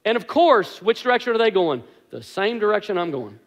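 A man's voice: high-pitched, big pitch swings, brisk, a bit bright, big-room sound. A man preaching a sermon as pastor, telling a story in a conversational, self-deprecating way.

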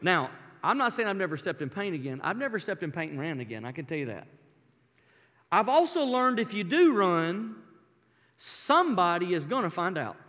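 High-voiced pastor in a reverberant hall. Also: male voice, moderate pace. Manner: animated storyteller, folksy asides. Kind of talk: sermon with personal storytelling. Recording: long reverb of a large hall.

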